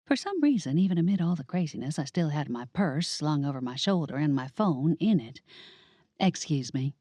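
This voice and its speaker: A woman narrating a first-person audiobook, animated and wry. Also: sits low, a little fast, dry recording.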